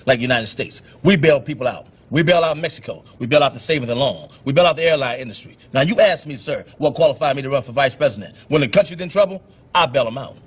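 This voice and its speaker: An actor playing a blunt bail bondsman running for vice president in a film comedy, deadpan and stubborn. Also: medium pitch, fast, breathy edge.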